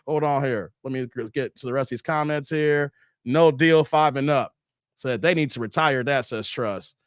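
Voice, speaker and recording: A man's voice: mid-range voice, moderate pace, dry recording, clean studio sound. A man hosting a casual live stream, reading chat comments in a laid-back, slangy way and laughing often.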